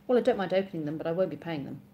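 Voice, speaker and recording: This Oxfordshire woman speaks rapid-fire in a low-ish voice with lively intonation, the highs cut off and a little noise behind her. With her English accent she chats casually on a live stream, answering viewer comments aloud and rambling and correcting herself as she goes.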